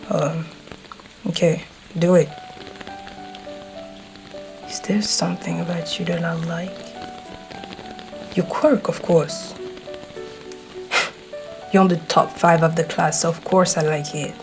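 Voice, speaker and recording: A woman voice actor playing a gruff, hot-tempered teenage boy who swears, blusters and gets flustered, speaking to the listener in an audio role-play. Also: on the low side, flat delivery, takes it slowly, pauses often, soft background music, poor audio.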